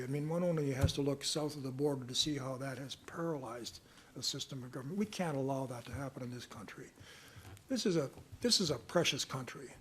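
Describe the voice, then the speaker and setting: An older man answering reporters' questions at a news conference, measured and earnest, sometimes reading passages aloud. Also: medium pitch, slightly rough. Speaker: special rapporteur answering press questions.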